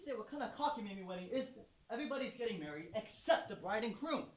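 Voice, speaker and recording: An actress playing a brash, blunt, fast-talking wisecracker on a school stage. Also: female voice, on the high side, expressive, recorded from a distance, lightly acted. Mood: exasperated. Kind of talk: stage musical acting. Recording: echoey stage sound from afar, clear noise.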